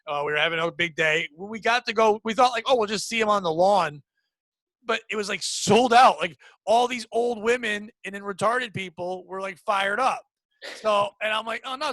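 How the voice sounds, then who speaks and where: High, bright-voiced crude storytelling man. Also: fairly quick, dry recording. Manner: crude, rambling animated storyteller. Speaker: podcast host. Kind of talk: casual chat.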